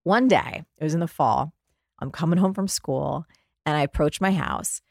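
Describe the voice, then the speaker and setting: A woman in her forties from New Jersey, a guest author and life coach, telling animated stories in an interview and acting out the voices in them. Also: low-pitched, moderate pace, creaky, no room sound, studio quality. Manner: lively, acts out voices in her anecdotes.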